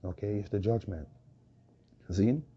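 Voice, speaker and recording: A man with a hoarse voice, preaching a proclaiming monologue full of repeated rhetorical questions. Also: fairly low pitch, measured pace, dark tone. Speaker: self-styled preacher. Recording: dull lo-fi recording with faint noise.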